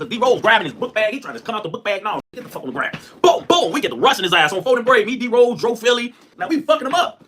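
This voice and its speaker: Fast, high-energy streamer man. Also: slight background noise. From Chicago. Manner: loud, excitable, trash-talking, heavy slang. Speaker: livestream host. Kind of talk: casual livestream storytelling.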